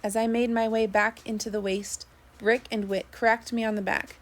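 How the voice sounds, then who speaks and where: A woman narrating a first-person sea story, steady with small slips. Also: fairly high pitch, moderate pace. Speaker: audiobook narrator.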